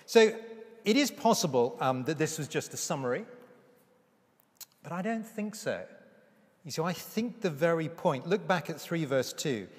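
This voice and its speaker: A man preaching a sermon with emphasis, slowing down to read scripture aloud. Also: fairly high pitch, expressive. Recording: reverberant hall.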